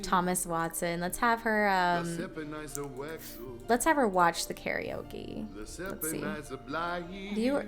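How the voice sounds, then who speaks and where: Gravelly-voiced woman narrating a life-sim game. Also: on the low side. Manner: chatty, narrates actions with fillers and little laughs. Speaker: let's play host. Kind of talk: casual gameplay commentary. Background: game music.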